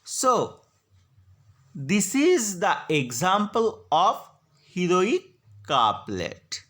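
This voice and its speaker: A woman giving a slide lecture on poetry, slowly spelling out syllables and stresses. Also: on the low side, very animated, fairly bright tone. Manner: slow, deliberate, spelling out syllables. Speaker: literature lecturer.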